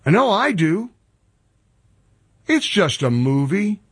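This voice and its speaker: A man's voice: sits high, big pitch swings, slow, slightly rough, no room sound. A man hosting a talk radio show, ranting in an exasperated, sarcastic monologue.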